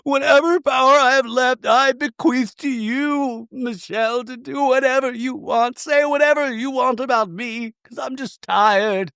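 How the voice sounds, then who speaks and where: A man putting on a weepy, melodramatic young man who whines about being exhausted, in a drawn-out, theatrical way. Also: extremely high pitch, creaky, a bit bright, clean tone, no echo, pitched above the performer's own voice, exaggerated voice.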